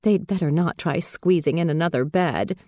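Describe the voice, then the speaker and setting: A woman's voice: on the low side, moderate pace, dark tone, dry recording, studio quality, natural voice. A woman voicing a bouncy, light, mischievous young mill girl in a storybook reading. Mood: teasing. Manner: teasing, light.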